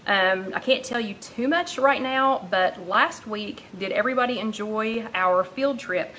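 A woman's voice: mid-range voice, a little slow, pushed and bright, a little hiss or hum, poor audio. Chatty woman greeting viewers. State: out of breath. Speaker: host of a live weight-loss chat. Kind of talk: casual live-stream chat.

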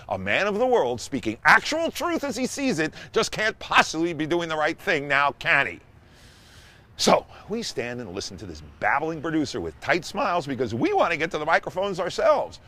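Animated, wry male storyteller. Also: on the high side. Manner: animated, wry and sarcastic, rising to excited emphasis. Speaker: host and storyteller. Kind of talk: storytelling monologue.

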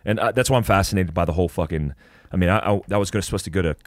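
Speaking very fast in a low voice, an American man guests on a podcast and tells a wild story, swearing heavily and restarting his sentences. His delivery is animated and casual, like an interview built around storytelling. The audio is clean studio sound with no room sound.

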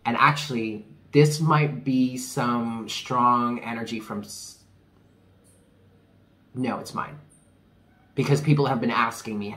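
A man's voice: mid-range voice, steady tone, takes it slowly, pauses often, pushed and bright. A man doing a casual tarot reading for viewers, chatty and candid, laughing often. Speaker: tarot reader.

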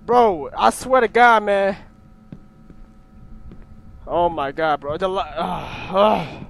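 A man's voice: sits high, expressive, slow, pauses often, fairly bright tone. A young man nervously commentating a horror game, jumpy, often swearing and yelping. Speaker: gaming YouTuber.

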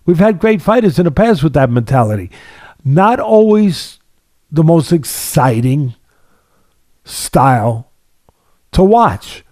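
A man's voice: fairly high pitch, very animated, slow, long pauses, dark tone, no room sound, studio quality. A man hosting a casual sports talk podcast as a boxing analyst. He talks emphatically, repeating phrases for stress, with a sardonic edge and long analogies.

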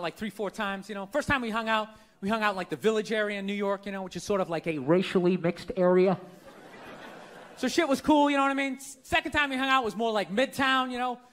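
This male stand-up comedian talks fast in a high-pitched, fairly bright voice, ranting and swearing as he tells exasperated stories to a live crowd. The recording comes from a large comedy venue, with audience laughter and a bit of hiss or hum.

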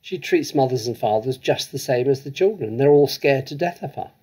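A man reading aloud, voicing a cheeky, knowing older schoolgirl who speaks in a hushed, gossipy way. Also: mid-range voice, lively intonation, fairly quick, husky.

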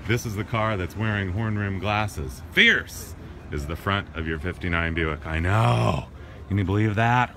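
Man presenting a classic car, low-ish voice, gushing and theatrical. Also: measured pace, bright, forceful tone. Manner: over-the-top gushing, breathless exclamations. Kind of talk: gushing car showcase narration.

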